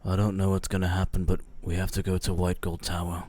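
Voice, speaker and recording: Man playing a grim avenger, very deep voice, flat and cold, driven by revenge. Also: quick pace.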